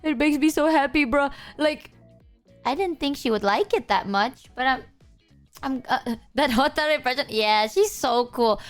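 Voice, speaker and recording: Teasing, higher-voiced woman streamer. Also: normal speed, soft background music. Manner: teasing, joking, self-mocking. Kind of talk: casual live-stream chat.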